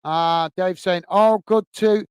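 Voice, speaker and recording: A man's voice: sits high, fairly even intonation, takes it slowly, clean tone, no room sound. A man hosting a football fan live stream, upbeat and full of repeated thanks as he reads out viewer comments. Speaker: host of a football fan channel.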